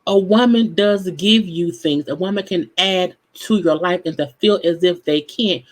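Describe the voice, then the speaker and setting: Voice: medium pitch, a little slow, poor audio. Blunt, profane recap host. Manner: blunt, profane, exasperated running commentary. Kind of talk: casual recap commentary.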